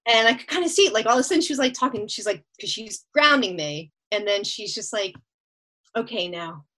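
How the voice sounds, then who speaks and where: Animated laughing woman telling a story. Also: on the high side, fast talker, poor audio. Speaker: podcast guest. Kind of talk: casual storytelling.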